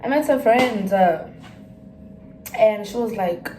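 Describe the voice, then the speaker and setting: A young woman chatting excitedly and rambling to her viewers in a casual vlog. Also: medium pitch, slow, long pauses. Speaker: vlogger. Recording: roomy, distant mic, noisy background.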